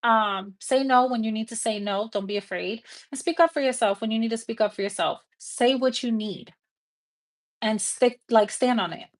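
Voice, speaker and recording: A woman's voice: fairly high pitch, moderate pace. A woman giving a live tarot reading, talking to viewers in a casual, frank and encouraging way and swearing freely. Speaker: tarot reader.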